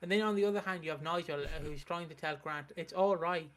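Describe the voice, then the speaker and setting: Brief: young male host, bright, slightly high voice, rambling plot recap. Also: fast talker. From United Kingdom. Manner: recaps the plot with many fillers and restarts. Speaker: soap opera reaction host. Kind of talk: casual recap chat.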